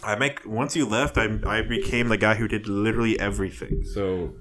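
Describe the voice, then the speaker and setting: A man's voice: on the low side, fairly even intonation, a little fast, a crowd in the background. A man co-hosting a casual podcast, rambling and swearing freely as he jumps between thoughts. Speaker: podcast co-host. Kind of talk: casual chat.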